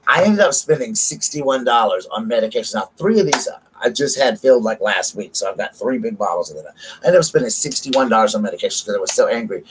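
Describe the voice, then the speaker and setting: A man's voice: medium pitch, expressive, quick pace, noisy background. A man with a Southern American accent chatting casually to camera, rambling and repeating himself as he retells an argument. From United States. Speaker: vlogger. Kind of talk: casual storytelling chat to camera.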